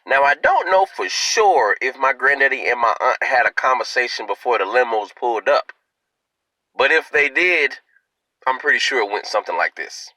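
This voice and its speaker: A man telling a comic story to his viewers in a playful, animated way. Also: mid-range voice, normal speed, no room sound, poor audio. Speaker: video host.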